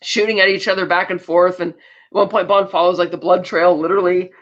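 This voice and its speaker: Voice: medium pitch, little pitch movement, quick pace, fairly bright tone. A podcast co-host casually recapping a film, retelling scenes with loose asides and acted bits of dialogue. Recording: dull lo-fi audio.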